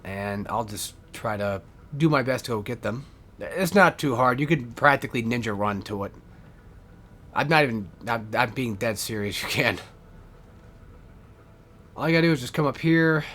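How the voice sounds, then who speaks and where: A man's voice: medium pitch, expressive, moderate pace, pauses often, fairly bright tone. A man giving rambling, casual gameplay commentary as a let's player, swearing often and correcting himself as he goes. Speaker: let's play gamer.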